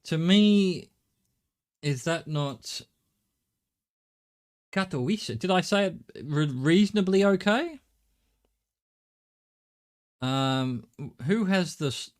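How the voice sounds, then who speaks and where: A middle-aged Australian man talks through a live game stream. He thinks out loud, chats with his viewers and swears casually. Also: high voice, expressive, takes it slowly, pauses often, clear, resonant tone.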